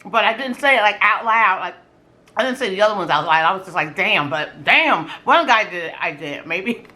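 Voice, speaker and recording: A middle-aged woman vlogger telling dating stories in casual, animated chat while eating on camera, slangy and quick to exclaim. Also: medium pitch. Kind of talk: casual storytelling during a food challenge.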